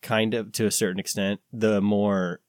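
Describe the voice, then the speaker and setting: A man's voice: on the low side, flat delivery, moderate pace, dry recording, clean studio sound. An American man co-hosting a casual podcast chat, rambling and searching for words with lots of fillers. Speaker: podcast co-host.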